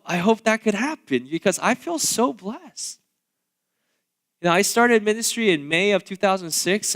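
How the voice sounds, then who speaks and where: A man in his thirties, a pastor giving a sermon in a church, talking casually with lots of fillers and asides. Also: high voice. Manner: casual, conversational preaching with many fillers; animated, swinging between loud asides and quiet remarks. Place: church sanctuary.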